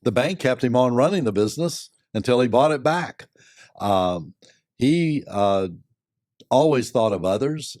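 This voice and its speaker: An older man, a company board member and lawyer, giving measured, thoughtful answers with many pauses and fillers. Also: on the low side, darkish tone, dry recording, clean studio sound. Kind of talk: reflective interview answers.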